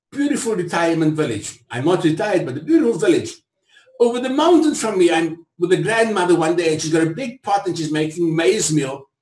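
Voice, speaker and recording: A middle-aged South African man, appearing as an interview guest, tells stories with impassioned, preacherly delivery that rises to emphatic peaks. His voice is high and a little mellow, recorded in an echoey room.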